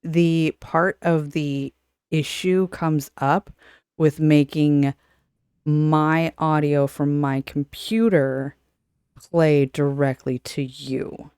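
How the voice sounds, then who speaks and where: Low, smooth-voiced woman podcast host. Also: steady tone, drawn-out words, darkish tone, no room sound, clean studio sound. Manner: chatty, explanatory, casual swearing. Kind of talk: casual podcast chat.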